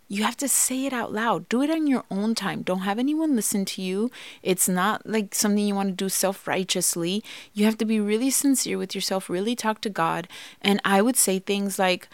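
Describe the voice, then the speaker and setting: A woman's voice: medium pitch, moderate pace, dry recording. A woman co-hosting a podcast, giving earnest, emphatic advice on marriage and forgiveness. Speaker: podcast co-host. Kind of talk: heartfelt marriage advice talk.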